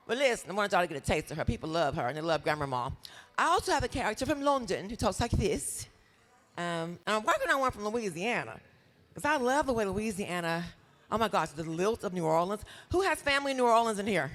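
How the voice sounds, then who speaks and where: A woman's voice: medium pitch, fast talker. A woman comedian doing live stand-up, chatty and joking with the crowd from a stage. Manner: animated, chatty, jokes with the crowd. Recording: long hall reverb.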